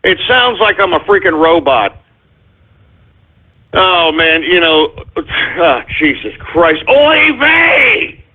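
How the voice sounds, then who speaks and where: An agitated man hosting a live radio show, cursing and stumbling through restarts and fillers. His voice is fairly high and comes through a thin, phone-like line. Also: slow pace, pauses often. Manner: agitated, swearing, rambling with many fillers. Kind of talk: live call-in radio rant.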